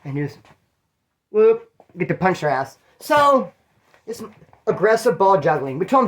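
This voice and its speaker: A man's voice: sits high, very animated, measured pace. A man from California telling stories in a casual, rambling way, full of street slang and swearing. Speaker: channel host telling prison stories. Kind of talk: casual storytelling.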